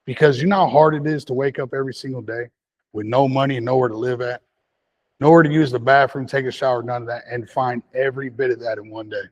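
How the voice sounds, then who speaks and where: A man's voice: medium pitch, fairly even intonation, quick pace. A man speaking on a panel, giving earnest personal testimony about recovery and repeating key phrases for emphasis. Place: community meeting room.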